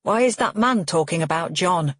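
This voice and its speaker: Female reader doing old dad with dementia: demanding, snappish, husky and low, dry close read. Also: no echo. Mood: agitated. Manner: demanding, snapping, then lost and slow. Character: elderly father with dementia, confused then stern.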